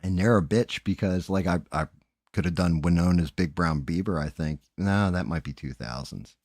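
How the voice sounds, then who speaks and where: A man's voice: sits low, moderate pace, a little mellow, no echo, studio quality. A man hosting a live stream, chatting casually, cursing freely and often trailing off mid-sentence. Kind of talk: casual chat while painting 3D prints.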